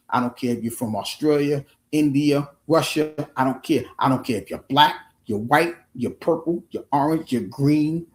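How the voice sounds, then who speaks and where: A man's voice: medium pitch, roomy sound. Guy on a livestream, mid voice, earnest, keeps restarting sentences, casual swearing. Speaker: live streamer. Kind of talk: casual motivational livestream talk.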